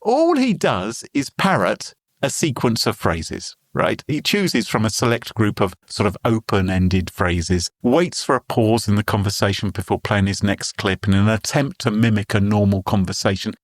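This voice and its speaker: A British man hosting a podcast, chatting playfully and telling stories in an animated way. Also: on the low side, normal speed, hardly any pauses, dry recording. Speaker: podcast host. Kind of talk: casual podcast chat.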